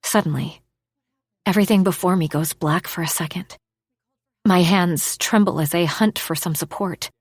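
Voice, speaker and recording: A woman narrating a romance audiobook in the first person, expressive, dropping to a hush for inner thoughts. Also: on the low side, normal speed, slightly rough, no room sound, clean studio sound.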